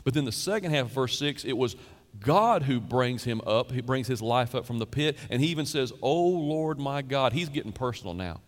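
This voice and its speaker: A man in his fifties delivers a sermon in a relaxed, conversational way, slipping in quick asides. His voice sits in the middle range, neither high nor low. It carries a long reverb, as if spoken in a big church hall. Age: 50s. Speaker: pastor.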